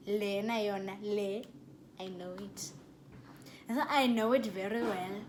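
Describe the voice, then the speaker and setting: A young woman with a South African accent tells a story to her camera in a casual, chatty way. Her voice sits at an ordinary middle pitch. A faint hiss of noise runs under it. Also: measured pace. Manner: chatty and animated, with laughs and code-switching. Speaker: YouTuber.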